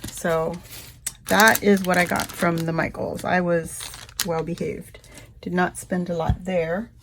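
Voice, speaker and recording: A woman vlogger chatting casually through a shopping haul, rambling and breaking into high, gushing squeals over cute things. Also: level tone, slow pace, background noise. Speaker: craft vlogger.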